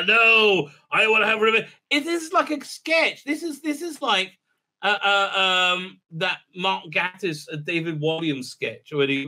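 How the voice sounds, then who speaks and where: A man's voice: a little high, bright, forceful tone. A man reviewing a TV episode in a casual, rambling recap, mocking and sarcastic about what he watched. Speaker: show reviewer.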